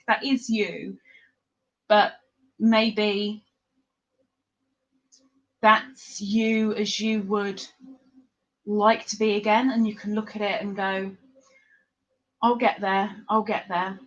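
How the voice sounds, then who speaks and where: On a lo-fi recording, a woman with a medium-pitched voice speaks slowly and pauses often. She's from England, with an accent that isn't London's, and she hosts a crochet livestream, reading the chat, addressing viewers by name, and laughing often in relaxed live talk.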